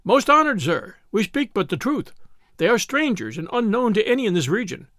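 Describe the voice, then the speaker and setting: A humble peasant from an old storybook begs and fawns before his lord, as a male narrator puts him on. His voice is raised high and loud, and it rises and falls anxiously. He keeps his speech deferential throughout. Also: big pitch swings, normal speed, no room sound, studio quality. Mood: pleading. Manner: fawning, pleading.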